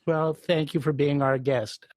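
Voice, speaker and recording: A man hosts an interview, his voice a little higher than usual for a man. He speaks with eager admiration, and the sound is dry and close. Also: fairly even intonation, measured pace, darkish tone, dry recording. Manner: enthusiastic, admiring. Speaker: host. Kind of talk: interview, scripted introduction.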